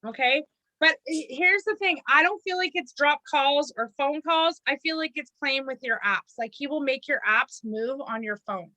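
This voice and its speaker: Bright high-voiced blunt woman medium. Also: moderate pace, no echo, poor audio. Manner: blunt, lecturing, swears casually. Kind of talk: live mediumship reading.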